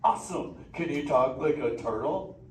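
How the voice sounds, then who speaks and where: A man voicing a laid-back, excitable young male sea turtle who talks in surfer-dude slang and banters with the audience. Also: fairly high pitch, normal speed, lightly acted. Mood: stoked. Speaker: live show character talking with the audience. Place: theater with a live audience. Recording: echoey theater from far off, noisy.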